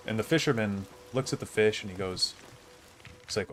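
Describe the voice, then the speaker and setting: A man's voice: on the low side, normal speed, music in the background. A man in his thirties chatting casually on a game stream, rambling with lots of fillers and restarts. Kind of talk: casual storytelling while gaming.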